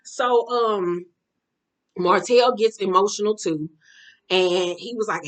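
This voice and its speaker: A woman talks through a reality TV episode in a loose, chatty recap. Her voice sits at an ordinary middle pitch. She is blunt and profane, laughs often and acts out the people she quotes. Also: slow. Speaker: reality show recap host. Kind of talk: casual reality TV recap commentary.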